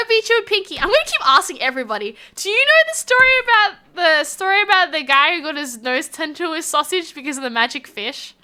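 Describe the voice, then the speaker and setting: On a casual live stream, an Australian woman reads chat messages aloud, giggly and animated. Her voice is very high-pitched.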